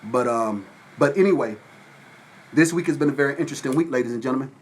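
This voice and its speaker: A man from Atlanta, Georgia, hosting a casual livestream from his phone at home and shouting out viewers by name. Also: mid-range voice, quick pace, breathy edge. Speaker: livestream host. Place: at home with windows open.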